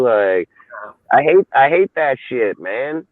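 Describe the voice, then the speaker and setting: A man's voice: medium pitch, lively intonation, measured pace, dry recording. A man in casual sports chat, talking in a heated, profane, rambling way. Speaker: co-host. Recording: dry tinny phone-like line.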